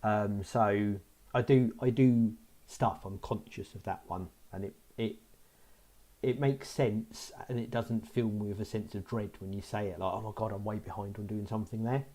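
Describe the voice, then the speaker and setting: A man's voice: lowish voice, steady tone, normal speed, dark tone. A middle-aged man co-hosting a podcast, talking in a reflective way as he thinks aloud. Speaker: podcast co-host. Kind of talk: casual podcast chat.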